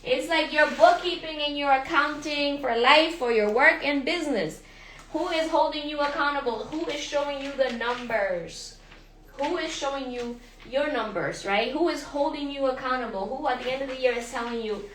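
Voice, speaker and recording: High-pitched, energetic woman coach in echoey room. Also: moderate pace, slight background noise. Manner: energetic, repeats questions to the audience, says y'all. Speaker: life and business coach. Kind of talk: motivational livestream talk.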